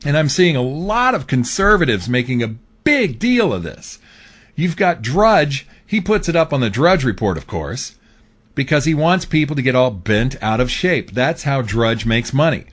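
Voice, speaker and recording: A man's voice: medium pitch, very animated, normal speed, a bit bright. A man hosting his own show, talking through a political commentary monologue in a casual, rambling way with fillers. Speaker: host.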